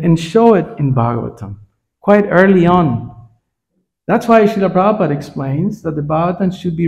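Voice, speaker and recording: A man's voice: high voice, vocal fry, darkish tone. A man teaching a scripture class in a temple, in a conversational way that keeps checking in with his listeners. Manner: frequent "right?" check-ins with listeners.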